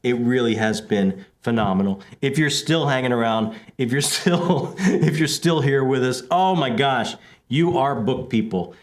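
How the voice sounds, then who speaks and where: A man's voice: medium pitch, measured pace. A man co-hosting a casual book chat show, playfully overselling with lots of energy and a fair bit of ham. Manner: playfully overselling, animated and hammy. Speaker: podcast co-host.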